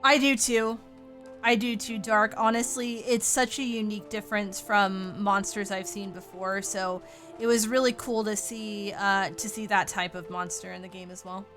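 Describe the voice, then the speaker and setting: A woman's voice: mid-range voice, steady tone, normal speed, a bit bright, soft background music. Tired, chatty woman streaming a game. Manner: chatty, greets viewers by name, calls them sweetie. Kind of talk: casual livestream chat.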